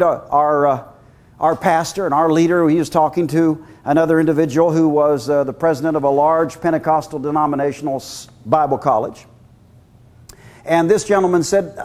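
Male preacher, high voice, animated storyteller who acts out voices. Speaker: guest preacher. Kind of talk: sermon.

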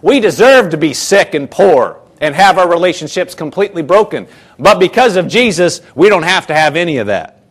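A man's voice: fairly high pitch, sing-song, fairly quick, slightly rough. A man preaching a sermon in an earnest, conversational way, acting out quoted thoughts.

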